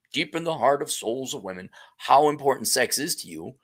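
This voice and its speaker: Middle-aged male host, casual livestream talk, blunt and profane, swinging pitch. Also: animated, brisk. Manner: blunt, profane, laughs often, shifts pitch and loudness a lot. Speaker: livestream host reading super chats.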